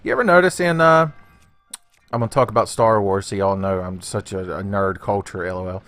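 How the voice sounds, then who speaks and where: A man's voice: fairly low pitch, fairly quick, fairly bright tone, dry recording. Joking man rambling through game commentary. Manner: joking, rambling, laughs often, swears casually. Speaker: gaming channel host. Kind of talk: let's play commentary.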